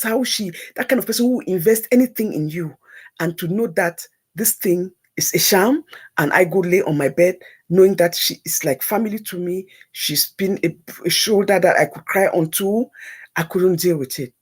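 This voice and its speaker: A woman's slightly rough, mid-range voice carries an emotional personal story she tells as a talk-show guest. Her delivery is animated, with repeated phrases for emphasis.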